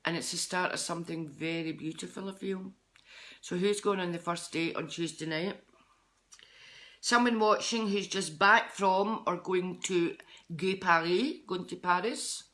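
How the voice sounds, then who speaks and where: A woman's voice: fairly low pitch, measured pace, a bit bright. A middle-aged Scottish woman, a psychic medium, chatting with viewers on a live stream in a rambling, chatty way. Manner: chatty, rambling, jumps between topics.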